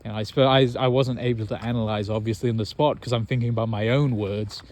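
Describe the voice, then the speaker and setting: A young American man in casual chat, telling an animated, self-mocking story and laughing often. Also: medium pitch, fast. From United States.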